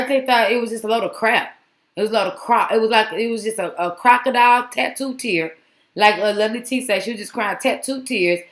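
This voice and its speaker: A woman's voice: mid-range voice, a bit bright, roomy sound. A woman vlogger giving casual, exasperated commentary that rambles with many restarts.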